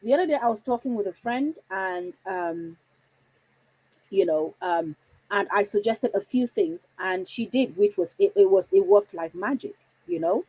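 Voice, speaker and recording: A woman's voice: mid-range voice, lively intonation, normal speed, a little mellow, slightly rough, rough recording. A woman hosting a parenting livestream from home, chatty and reassuring, often putting questions to her viewers. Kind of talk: casual livestream talk.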